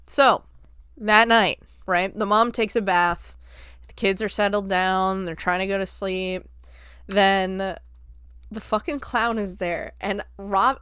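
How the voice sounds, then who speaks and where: A woman hosting a podcast, retelling a film's plot in an animated, casual way, slipping into quick character voices and swearing freely. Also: mid-range voice, smooth, no room sound, clean studio sound. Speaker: podcast host. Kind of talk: casual film recap.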